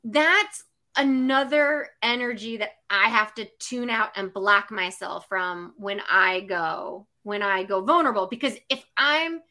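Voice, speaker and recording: A woman's voice: mid-range voice, unhurried, sharp tone. A woman who works as a psychic medium, talking casually, full of fillers and acting out the voices of the people she quotes. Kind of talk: casual chat.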